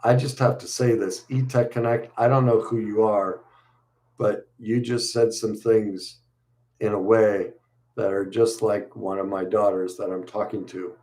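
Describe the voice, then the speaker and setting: A middle-aged man hosting a casual livestream, reading viewers' comments aloud and answering them in a relaxed, conversational way with frequent fillers. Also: on the low side, measured pace. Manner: reads viewer messages aloud and responds warmly, conversational with fillers.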